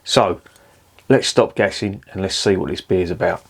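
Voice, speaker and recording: A man's voice: low-pitched, moderate pace. A man hosting a casual beer review vlog, chatty and jokey and swearing freely as he talks. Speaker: beer reviewer, channel host.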